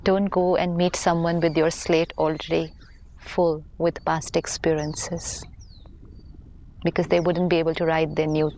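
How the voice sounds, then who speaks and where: A woman on a talk show, calmly explaining spiritual ideas with everyday examples. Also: low voice, unhurried, a little hiss or hum. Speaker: spiritual teacher.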